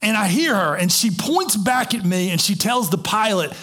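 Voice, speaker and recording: A man preaching a sermon, telling a story in an animated way with many restarts. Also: high voice, moderate pace, hardly any pauses, husky.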